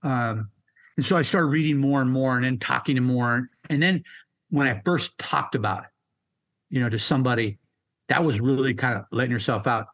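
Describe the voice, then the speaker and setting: Blunt, halting older man recounting hardship. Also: mid-range voice, a bit bright, highs cut off. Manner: blunt, raw and halting, swears freely. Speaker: military veteran interviewee. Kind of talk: candid personal storytelling.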